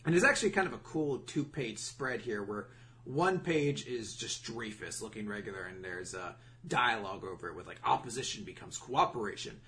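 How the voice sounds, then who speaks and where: A man's voice: lowish voice, moderate pace, bright, forceful tone. A man casually summarizing a comic chapter as a podcast host, rambling with lots of fillers. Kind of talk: casual review chat.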